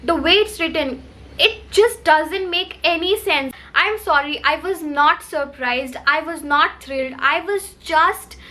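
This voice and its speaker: A woman's voice: high-pitched, unhurried, pushed and bright. A woman reviewing a book to camera, talking in a heated, emphatic rant full of repetition.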